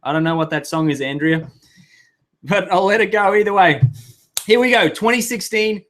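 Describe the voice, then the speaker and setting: His live webinar hitting tech snags, the host gets flustered, swearing and chuckling at himself while chatting away casually. The man's voice is high-pitched and a bit bright.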